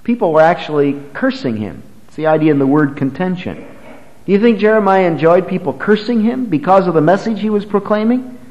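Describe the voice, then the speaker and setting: A man preaching a sermon, swinging from loud, high emphasis to low, quiet lines, and reading scripture aloud in old-fashioned English. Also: expressive, brisk, in a large hall, lo-fi sound. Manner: emphatic, rises and drops sharply in pitch and volume.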